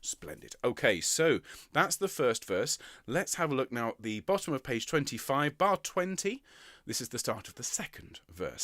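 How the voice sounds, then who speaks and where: A man leading a choir rehearsal, counting in, giving gentle praise and singing short lines high and soft. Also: big pitch swings, moderate pace, no echo, clean studio sound. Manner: encouraging, counts in and sings demonstrations in falsetto. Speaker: choir director. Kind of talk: online rehearsal teaching. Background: piano.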